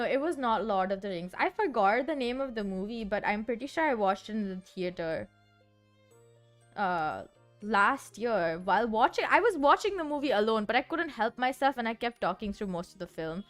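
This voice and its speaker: A woman's voice: fairly high pitch, animated, normal speed, soft background music. Chatty young woman streamer, rambling. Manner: rambling, chatty, many fillers and restarts. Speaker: VTuber streamer. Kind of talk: casual chat.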